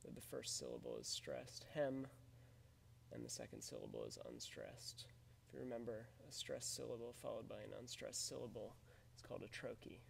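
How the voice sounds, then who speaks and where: A man's voice: medium pitch, animated, moderate pace, creaky, slight background noise. A man teaching a recorded lesson on poetry, explaining it step by step in a methodical way. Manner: methodical, explanatory, often says "in fact". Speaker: literature teacher.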